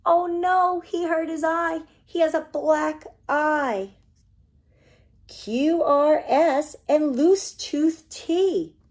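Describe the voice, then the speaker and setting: A woman, a children's librarian, reading a picture book aloud to preschoolers with animated, singsong storytelling. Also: sits high, extremely slow. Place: library program recorded for online viewing.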